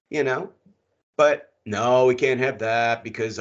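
A man's voice: mid-range voice, fairly even intonation, unhurried. A middle-aged man co-hosting a casual hockey podcast, ranting with lots of swearing and emphatic repetition. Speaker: podcast co-host. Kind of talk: casual sports chat. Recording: muffled lo-fi sound.

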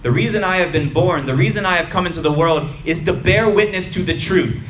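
A calm, dignified prisoner answers his judge slowly and solemnly, read by a male preacher. The words come measured and unhurried. Faint background noise hangs in the echoing room. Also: high voice, pitched above the performer's own voice. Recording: roomy hall with faint ambience.

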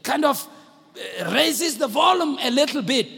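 Husky high-voiced man preaching in a reverberant hall. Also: lively intonation, normal speed. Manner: swings from hushed storytelling to loud exhortation. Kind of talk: sermon.

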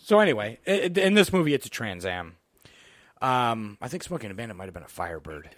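A man's voice: medium pitch, quick pace, dry recording. Rambling profane man, dry close sound. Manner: rambling, profane, animated storytelling. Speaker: podcast co-host. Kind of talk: casual chat about movies.

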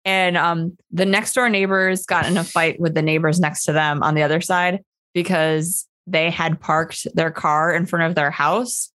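Giggly woman telling casual stories. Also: low-pitched. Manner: animated, giggly storyteller. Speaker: podcast co-host. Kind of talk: casual storytelling chat.

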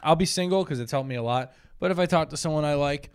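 A man's voice: on the high side, smooth. Young male co-host, teasing crude banterer. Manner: teasing, quick crude jokes. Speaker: podcast co-host, comedian. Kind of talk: casual banter.

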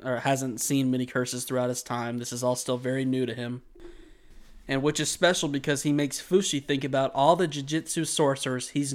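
A man co-hosting a podcast, telling a long anecdote in casual chat and acting out the people in it. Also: mid-range voice. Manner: rambling animated storyteller, acts out quotes. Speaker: podcast co-host. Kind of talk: casual chat, anime recap and storytelling.

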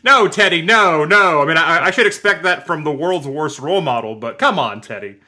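A man's voice: on the high side, lively intonation, brisk, bright, forceful tone. An American man hosting a podcast, chatting casually and joking with laughs. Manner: laughing, jokey. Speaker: podcast host. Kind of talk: casual chat.

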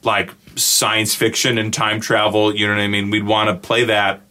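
A man with a lowish but bright, forceful voice explains how improv scenes work. He talks in an easygoing, explanatory way and often asks his listeners whether they follow. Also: completely flat delivery, moderate pace. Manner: explanatory, keeps asking "you know what I mean?". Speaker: improv teacher. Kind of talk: casual chat.

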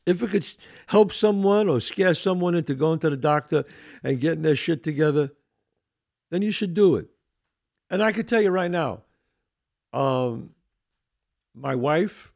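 A man's voice: a little high, expressive, measured pace, gravelly, pauses often, darkish tone. An older man hosting a podcast, talking casually and earnestly, repeating his points with blunt emphasis and a little swearing. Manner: blunt, mildly profane. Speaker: podcast host. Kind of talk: casual monologue.

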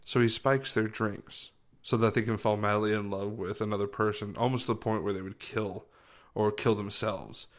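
Rambling male co-host, lower voice, loose casual storytelling. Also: fairly even intonation, normal speed. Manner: rambling, searches for words, restarts. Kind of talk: casual chat.

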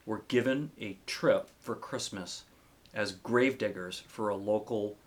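A man's voice: fairly low pitch, unhurried. A middle-aged man from Maine, a fishing guide hosting a podcast, chatting reflectively with folksy sayings. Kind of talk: casual interview chat.

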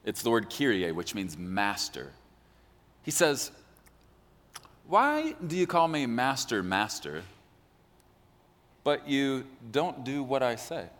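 A man preaching a sermon as pastor, animated and joking, acting out quotes in a large church. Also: medium pitch, slow, long pauses. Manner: animated, jokey, acts out quotes. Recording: long hall reverb.

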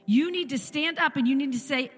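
A woman's voice: sits high, brisk, soft background music. Impassioned woman preaching in a church hall. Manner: impassioned, rhetorical questions, repeats phrases. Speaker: church speaker giving testimony. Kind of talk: sermon testimony.

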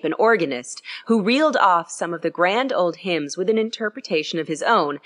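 Lively low-voiced woman reading. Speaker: audiobook reader. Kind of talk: expressive literary narration.

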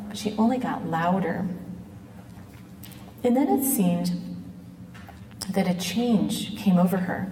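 A middle-aged woman giving an earnest personal testimony, speaking in a measured way and slowing down on quoted words. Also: mid-range voice, mellow. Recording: echoey hall, mic at a distance.

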